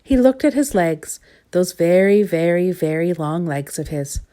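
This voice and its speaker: Low-voiced woman reading a storybook. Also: a little slow. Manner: gentle, expressive, lingering on repeated words.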